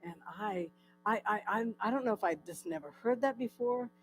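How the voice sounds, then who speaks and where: A woman's voice: mid-range voice, normal speed, faint music behind, low-quality recording. Woman giving an emotional personal testimony. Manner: vivid storytelling, acting out quoted voices; tearful and earnest in places. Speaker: guest speaker sharing her recovery story. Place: church.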